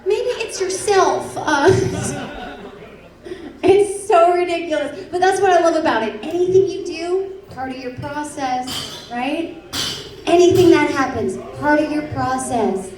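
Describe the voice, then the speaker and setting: A high-pitched woman doing a stand-up set on a club stage, brash and self-mocking. She takes her time between punchlines. Her voice sounds roomy and a bit distant, and a loud crowd laughs behind her. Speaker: stand-up comedian. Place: comedy club stage before an audience. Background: audience laughter.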